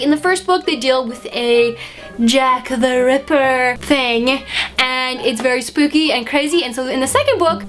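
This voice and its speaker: A woman's voice: sits high, fairly bright tone. A woman chatting casually about books in a review vlog, slangy and playful, with lots of "like" fillers. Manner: chatty and slangy, with frequent likes and playful asides. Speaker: book vlogger. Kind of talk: casual book review chat.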